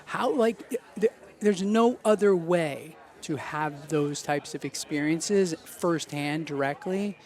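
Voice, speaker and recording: A man's voice: a little high, slow, darkish tone. A man as a podcast guest, casually telling anecdotes and acting out the voices of the people in them. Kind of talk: casual storytelling.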